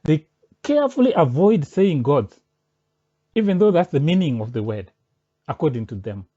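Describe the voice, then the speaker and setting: Mellow-voiced man arguing insistently. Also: a little high, big pitch swings, moderate pace, breathy edge. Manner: argumentative and insistent, presses points step by step. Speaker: religious commentator. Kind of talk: spoken rebuttal addressed to a pastor. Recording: dull lo-fi recording.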